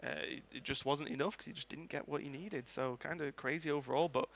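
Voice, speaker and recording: A man casting a live esports match at a tournament venue, talking in quick, chatty play-by-play full of fillers. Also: a little high, fairly bright tone. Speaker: esports caster. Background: music.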